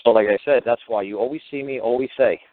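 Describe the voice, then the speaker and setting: A man's voice: mid-range voice, quick pace. A man from the United States, a regular talk show speaker telling stories in a blunt, profane, emphatic and repetitive way. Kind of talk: casual storytelling monologue. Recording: tinny phone line.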